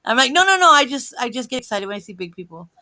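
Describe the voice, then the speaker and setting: A woman in her thirties joins a casual chat through a phone on speaker. Her voice is bright and forceful, with a dry, close sound. She talks freely, tells quick stories and laughs often. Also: on the high side, no room sound, poor audio. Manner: talkative, laughing often, animated storytelling. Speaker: guest.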